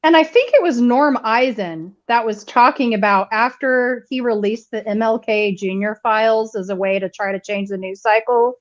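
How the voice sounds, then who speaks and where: A woman's voice: a little high, moderate pace, hardly any pauses, lo-fi sound. A woman co-hosting a political livestream, asking questions in an incredulous, exasperated way. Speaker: co-host. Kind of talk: heated political livestream chat.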